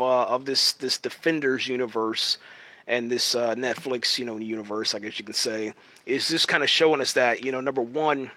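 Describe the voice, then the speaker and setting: Here the reviewer's voice is medium-pitched and sharp, recorded dry on a home streaming rig. He delivers casual, wandering commentary on a TV series, full of fillers and false starts, often finishing sentences with "man."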